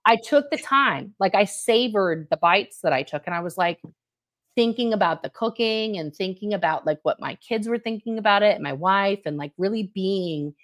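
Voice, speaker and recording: A woman's voice: mid-range voice, animated, moderate pace. A middle-aged woman co-hosting a casual livestream chat, talking in a reflective, rambling way and often asking "you know what I mean". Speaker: co-host.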